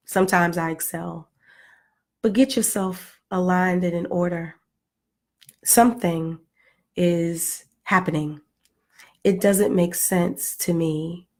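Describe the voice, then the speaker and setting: A woman vlogger with a low-pitched voice speaks straight to her viewers in a casual, heartfelt way. She sounds earnest and pleading, and she turns playful now and then. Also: darkish tone. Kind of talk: casual heartfelt vlog talk.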